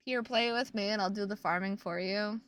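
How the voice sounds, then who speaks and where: A woman's voice: medium pitch, a little fast, a bit bright, clear, resonant tone. A woman streaming and chatting casually with her viewers, playful and teasing, with plenty of swearing.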